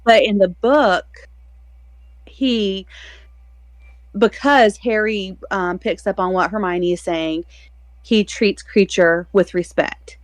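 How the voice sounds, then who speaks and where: A woman co-host chats loosely on a book podcast, circling back over her points and breaking into laughter. Her voice sits at an ordinary middle pitch. The sound is very dry and close, with no room around it. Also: slow pace, pauses often, no echo. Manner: chatty, rambling, laughs often. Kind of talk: casual chat.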